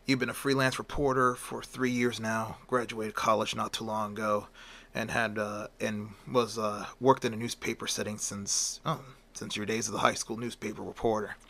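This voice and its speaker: A man voicing a gruff blustery newspaper editor. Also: on the low side, level tone, normal speed, a bit bright. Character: gruff, tough but fair male newspaper editor.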